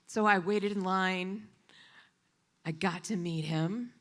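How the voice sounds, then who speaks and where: A woman interpreting for a storyteller, voicing a live story at a coffee shop event in an animated, expressive way. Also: medium pitch, measured pace.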